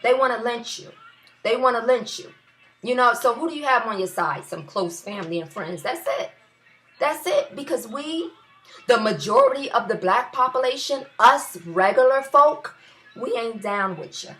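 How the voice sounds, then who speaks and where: A woman's voice: a little high, lively intonation, normal speed, pushed and bright. A young woman with a New York area accent, ranting heatedly in a video blog, cursing and repeating phrases for emphasis. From US tri-state area. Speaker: vlogger.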